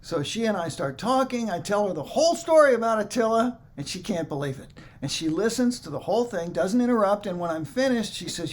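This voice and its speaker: A man's voice: high voice, expressive, a little fast, few pauses, slight background noise. A man telling a story to a congregation as a musician, acting out the other people's voices in it. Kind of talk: storytelling talk.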